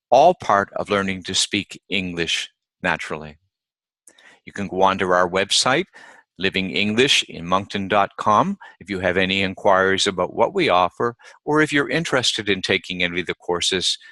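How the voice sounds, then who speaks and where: A male teacher giving a pronunciation lesson, speaking deliberately and repeating each example word. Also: low voice, bright, forceful tone, no echo. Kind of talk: instructional lesson.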